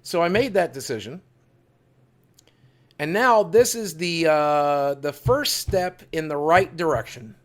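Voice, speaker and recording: Earnest man with a slightly high voice. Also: animated, takes it slowly, fairly bright tone. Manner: earnest, heartfelt, emphatic repetition. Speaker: livestream host. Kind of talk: confessional livestream talk. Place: studio.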